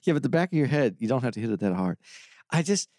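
A man co-hosting a comedy podcast, tossing out quick asides and laughing at his partner. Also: medium pitch, very animated, darkish tone, dry recording, studio quality. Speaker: podcast co-host. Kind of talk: casual comedic podcast banter.

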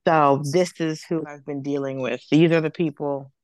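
A woman comedian telling stories on a podcast, lively and blunt, acting out other people's voices and swearing freely. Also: low voice, moderate pace, smooth, no echo. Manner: animated storyteller, acts out quoted voices, swears freely. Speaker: comedian guest. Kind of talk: casual podcast storytelling.

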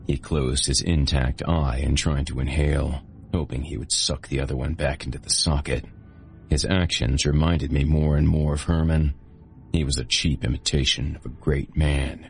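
A man hosting and narrating a horror audiobook in a steady first-person storytelling manner. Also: rumbling low, moderate pace, faint music behind. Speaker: host and narrator.

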